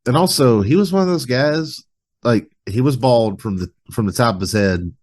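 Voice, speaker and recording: A man's voice: medium pitch, normal speed, a little mellow. A man hosting a casual podcast chat, talking in a loose, rambling way full of "like" fillers.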